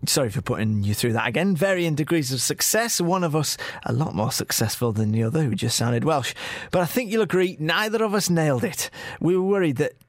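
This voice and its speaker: A man's voice: on the high side, lively intonation, a little fast, no room sound. A man co-hosting a podcast, introducing a bonus segment in a wry, storytelling way. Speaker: podcast co-host.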